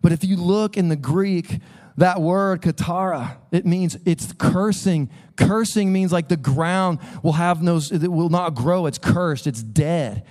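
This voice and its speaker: A man delivers a sermon in church with a fairly high voice. He keeps it conversational, cracking jokes with the congregation and acting out the people he quotes. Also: unhurried, a little mellow. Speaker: pastor.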